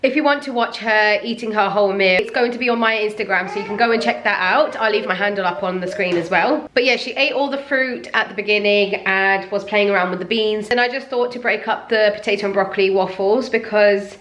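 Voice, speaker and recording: A woman's voice: medium pitch, a little fast, hardly any pauses, a bit bright. A young woman chatting casually to camera as a mum vlogger at home. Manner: chatty, sing-song baby talk with her toddler. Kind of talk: casual vlog chat.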